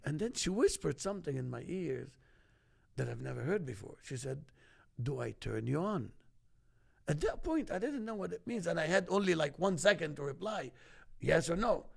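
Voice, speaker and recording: A middle-aged man from Egypt, hosting a casual chat and telling animated stories. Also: a little high, fairly quick, creaky. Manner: animated storyteller, acts out quoted voices. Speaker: host.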